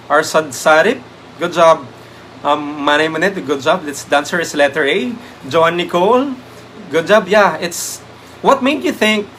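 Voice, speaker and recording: Male review lecturer, Filipino accent, slightly higher voice, Taglish, lots of fillers, faint noise behind him. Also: a bit bright. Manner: Taglish code-switching, many "um" fillers; thanks viewers by name. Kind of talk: live-stream exam review.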